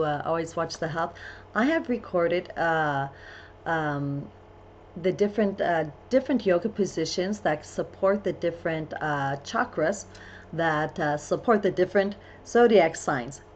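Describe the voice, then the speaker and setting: Chatty woman astrologer with a low voice. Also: highs cut off, a little hiss or hum. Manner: chatty and animated, bursting into excited whoops; talks in loose run-on phrases with many fillers. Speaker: astrologer hosting a full moon program. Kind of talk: casual spoken forecast.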